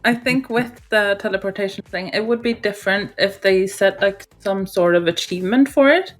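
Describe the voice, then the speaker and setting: Mid-pitched voice, thoughtful, casual podcast chat, faint music. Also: moderate pace, fairly bright tone.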